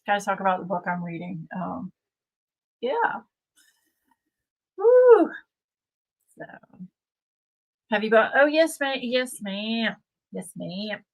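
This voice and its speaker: A woman's voice: medium pitch, normal speed, a bit bright, low-quality recording. A woman hosting a casual livestream, chatting and reading viewer comments aloud. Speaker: livestream host.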